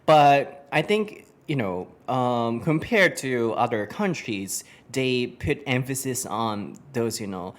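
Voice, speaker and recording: A man hosting a casual conversation lesson, thinking aloud with frequent pauses and fillers as he searches for words. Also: medium pitch, animated. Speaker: host of an English conversation lesson. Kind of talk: casual unscripted conversation in English and Japanese.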